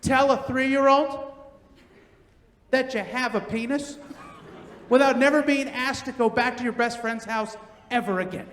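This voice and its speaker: A man in his thirties doing stand-up on a big theater stage, telling stories animatedly and shouting his punchlines. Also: extremely high pitch, measured pace, long pauses, a little hiss or hum. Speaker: stand-up comedian. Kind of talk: stand-up set. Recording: echoey theater with long reverb. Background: audience laughter.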